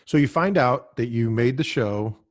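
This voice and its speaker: A man hosting an interview podcast, asking quick questions with enthusiasm. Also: medium pitch, animated. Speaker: podcast host. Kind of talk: casual interview talk.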